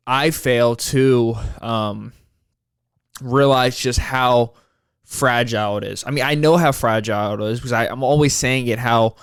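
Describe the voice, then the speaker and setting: A young man in his twenties talks through a solo podcast episode, frustrated and rambling, with frequent swearing. His voice is smooth and clear at a middling pitch. The sound is dry and close. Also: dry recording. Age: 20s. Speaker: podcast host.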